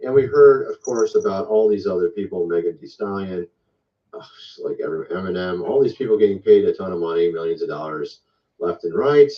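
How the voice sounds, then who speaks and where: Animated man, muffled distant commentary. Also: sits low, fairly quick. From Michigan, USA. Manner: conspiratorial, rambling, lively delivery. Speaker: online commentary host. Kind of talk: casual commentary.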